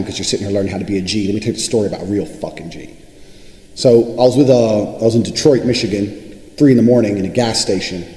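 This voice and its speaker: A man's voice: fairly low pitch, darkish tone. A man delivering an unscripted monologue to camera, boastful and profane, with a swaggering manner. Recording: echoey room with long reverb.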